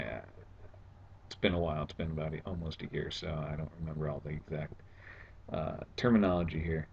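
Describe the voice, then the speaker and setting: Low, creaky-voiced man, casual sarcastic vlogger, dull home recording. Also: darkish tone, a little hiss or hum. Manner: sarcastic, exasperated retelling. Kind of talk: casual storytelling vlog. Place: at home indoors.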